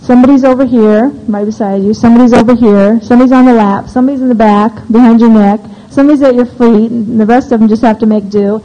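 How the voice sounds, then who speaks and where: A woman giving a live seminar talk, opinionated and practical, tossing questions out to the audience. Her voice is mellow and dark. The recording sounds dull and lo-fi. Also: on the high side, fairly even intonation, quick pace, hardly any pauses. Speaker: homeschooling seminar speaker.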